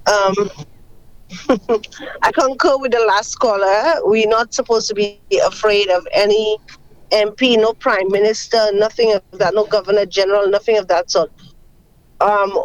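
A caller on a radio phone-in, speaking in an earnest, deliberate way with some fillers. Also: medium pitch, fairly even intonation, dry recording, dull audio.

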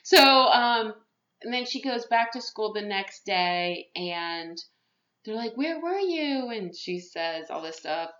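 A woman's voice: medium pitch, takes it slowly, pushed and bright. A woman podcast host recapping a movie plot in casual chat, rambling, with many fillers and restarts. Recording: echoey room, muffled lo-fi sound.

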